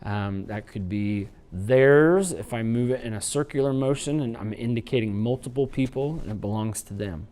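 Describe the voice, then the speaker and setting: A man teaching a sign language training unit in an instructional lecture, explaining patiently and slowing down to demonstrate. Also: medium pitch, darkish tone. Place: training video recording.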